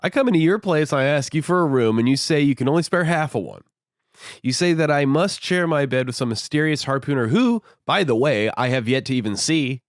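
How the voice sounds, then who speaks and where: A man's voice: on the low side, normal speed, no room sound, studio quality, close to an everyday voice. A man voicing an exasperated young male sailor who rants indignantly and swears a lot. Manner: ranting, profane, indignant.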